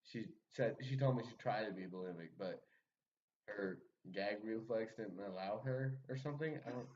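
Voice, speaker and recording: A man's voice: fairly low pitch, moderate pace, darkish tone, slight background noise. A young man telling a story in casual chat, rambling with many fillers and frequent laughter. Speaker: podcast guest storyteller. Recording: muffled sound, distant from the mic.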